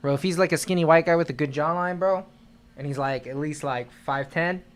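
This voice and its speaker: A man's voice: a little high, fairly quick. A young man co-hosting a casual livestream music review, joking loosely with heavy slang.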